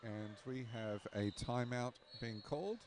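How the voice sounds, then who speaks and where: A man's voice: medium pitch, a little slow, very noisy. A man co-commentating live roller derby with upbeat, playful banter.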